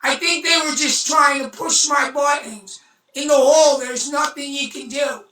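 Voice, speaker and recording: A woman telling a story on a phone livestream, blunt and intense, swearing and breaking into shouts. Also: high voice, moderate pace. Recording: roomy echo, far from mic.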